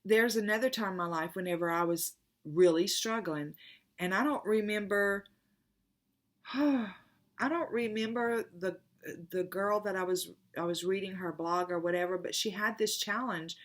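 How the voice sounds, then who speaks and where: A woman's voice: medium pitch, moderate pace. A middle-aged woman, a tarot reader telling a personal story in a rambling, heartfelt, emotional way in a casual spiritual vlog.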